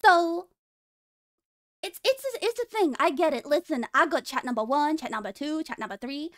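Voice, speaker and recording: A woman's voice: sits high, lively intonation, moderate pace. A woman streaming casually, teasing and joking with her chat and laughing often.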